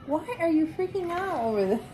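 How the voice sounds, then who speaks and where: A young woman casually showing off puzzle toys at home, excited and teasing, constantly saying how cool things are. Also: very high voice, a little fast. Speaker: vlogger. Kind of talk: casual unboxing chat. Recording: noisy home recording.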